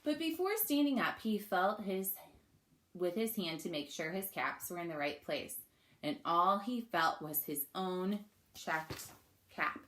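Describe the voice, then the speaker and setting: A woman reads a picture book aloud to young children in a slow, unhurried way, often stopping to invite them to join in. Her voice is bright and clear, and she talks warmly to her little listeners. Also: medium pitch, slight background noise. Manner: warm, coaxing, asks listeners to join in. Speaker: children's story reader. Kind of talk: storybook reading to children.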